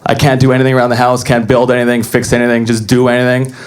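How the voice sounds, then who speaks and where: A young man doing a deadpan, self-deprecating stand-up comedy set on a club stage. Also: mid-range voice, fast.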